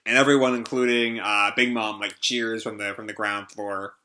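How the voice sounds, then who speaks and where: A man's voice: fairly low pitch, little pitch movement, moderate pace, few pauses, sharp tone. A man hosting a casual live reaction, reading out a comic chapter and rambling with lots of fillers and restarts. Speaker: manga reaction host.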